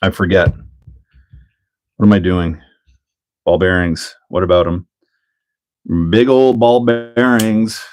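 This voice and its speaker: A middle-aged man with a Canadian accent and a low, darkish voice talks slowly and steadily, leaving long pauses. He hosts a casual livestream while building a kit, staying laid-back and jokey, laughing often and reading chat aloud.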